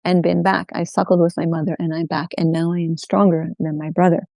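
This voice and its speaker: A woman storyteller voicing a newborn foal who talks with quiet confidence. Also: lowish voice, flat delivery, a little fast, vocal fry, no echo. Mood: confident. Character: young foal, bold and self-assured.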